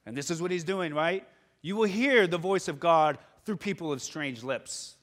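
Male pastor, sermon, earnest and urgent, fairly high voice, long hall echo. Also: animated, moderate pace, fairly bright tone. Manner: earnest, building to urgent exhortation.

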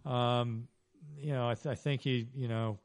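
A man's voice: medium pitch, fairly even intonation, unhurried, dry recording. Rambling man, dry close sound. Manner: rambling, many restarts and fillers. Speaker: author guest. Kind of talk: casual interview talk. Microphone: podcast microphone.

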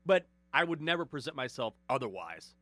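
A radio host calmly sets out how he sees his job, making one point after another. His voice is bright, and its pitch rises and falls a lot. The sound is dry and close. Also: brisk, no room sound. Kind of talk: casual sports chat.

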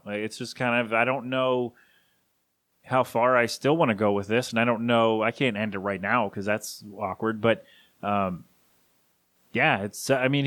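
A man, in his thirties, hosting a solo podcast and speaking haltingly with grief, his voice catching as he rambles through a tribute. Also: medium pitch, fairly bright tone, no echo. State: grieving, voice catching. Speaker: podcast host.

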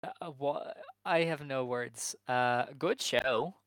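A man's voice: mid-range voice, takes it slowly, a bit bright, smooth, dry recording, rough recording. A man co-hosting a podcast, recapping in a wry, rambling chat full of fillers. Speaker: podcast co-host.

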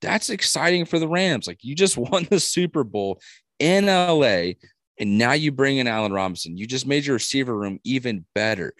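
A man co-hosting a casual sports podcast, talking in a brash, animated way and swearing freely. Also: mid-range voice, moderate pace, dry recording, clean studio sound. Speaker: podcast co-host.

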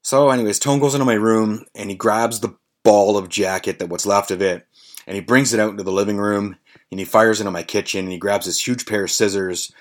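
A man's voice: on the low side, steady tone, a little fast. A man in his forties hosting a podcast, telling a long story in a rambling, profane way with many fillers. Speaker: podcast host.

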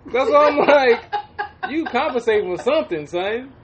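A man co-hosting a podcast in casual banter, profane and animated, often laughing and acting out quotes from others. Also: very high voice, moderate pace, crowd noise. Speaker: podcast co-host.

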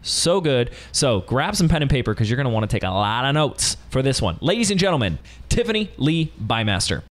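A man's voice: medium pitch, very animated, brisk. A man hosting a business podcast from a studio, talking in an enthusiastic, emphatic and playful way. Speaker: podcast host. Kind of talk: upbeat podcast interview.

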